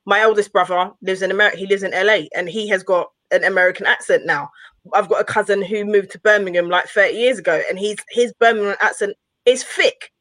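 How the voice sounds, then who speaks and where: A woman from London chatting casually and telling stories with animated laughter. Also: medium pitch, fast, dry recording, low-quality recording. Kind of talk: casual chat.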